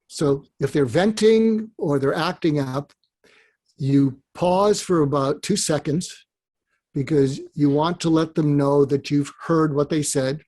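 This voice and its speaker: A man, a psychiatrist guest on an interview, giving advice in animated storytelling that acts out dialogue. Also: a little high, a little slow.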